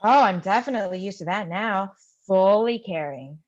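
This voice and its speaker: A woman reading the part of an eager young aspiring writer who leads the group, full of quick questions, in a live play reading. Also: medium pitch, lively intonation, a little mellow, lo-fi sound, natural voice. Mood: excited.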